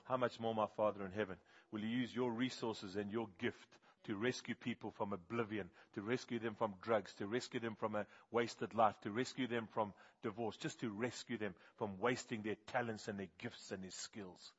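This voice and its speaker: Husky South African preacher. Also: male voice, lowish voice, fairly even intonation, normal speed, hardly any pauses, highs cut off. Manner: emphatic, has the congregation repeat words. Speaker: pastor. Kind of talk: sermon.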